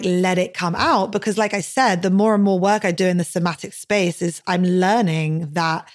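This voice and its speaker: A young adult woman hosting a podcast in casual chat. She talks chattily, filling her speech with "like" and swearing freely. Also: fairly low pitch. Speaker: podcast host.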